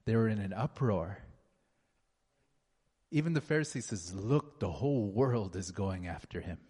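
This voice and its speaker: A man preaching a sermon and praying, slow and earnest, often dropping to a softer tone. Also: on the low side, lively intonation, husky. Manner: slow, earnest, drops to soft tones. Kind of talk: sermon with prayer. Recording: long hall reverb.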